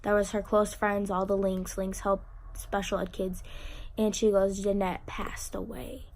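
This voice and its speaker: A teenage girl telling an emotional personal story to camera, halting and on the verge of tears, with many fillers and restarts. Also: medium pitch, flat delivery, darkish tone, a little hiss or hum. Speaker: vlogger.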